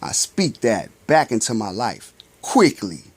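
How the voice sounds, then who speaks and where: A man giving a casual spiritual monologue in loose, slangy talk. He poses rhetorical questions and answers them himself, and drifts between loud bursts and low mutters. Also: very animated, a little slow, breathy edge. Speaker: spiritual vlogger.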